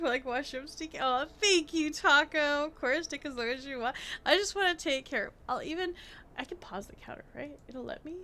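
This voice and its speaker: A young woman streaming live, chatting casually and excitably to her chat, rambling and laughing at herself. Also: sits high, moderate pace. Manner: excitable, rambling, self-deprecating, laughs often. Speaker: VTuber streamer.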